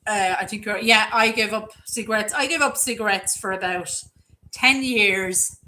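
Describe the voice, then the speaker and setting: A woman's voice: mid-range voice, steady tone, moderate pace, sharp tone, low-quality recording. A middle-aged Irish woman hosting a livestream, chatting and rambling through stories. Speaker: livestream host. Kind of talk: casual livestream chat reading comments.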